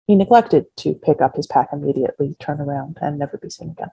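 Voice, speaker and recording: Husky, gravelly woman reading fiction. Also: low-pitched, fast, few pauses, mellow, dry recording, low-quality recording. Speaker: author reading her novel. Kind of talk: first-person fiction reading.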